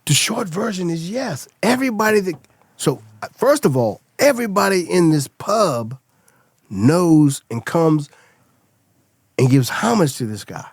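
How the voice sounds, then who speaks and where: A middle-aged man telling stories as a podcast guest, lively and acting out the people he quotes. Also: fairly high pitch, a little slow, slightly rough, no room sound. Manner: animated storyteller, acts out quoted voices. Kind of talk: casual storytelling chat.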